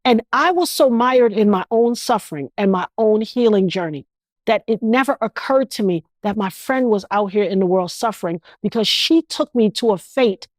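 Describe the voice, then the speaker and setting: A woman's voice: mid-range voice, animated, normal speed, dry recording. A woman in her fifties, an interview guest speaking with an emphatic, repetitive, preacher-like cadence. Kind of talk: emotional interview.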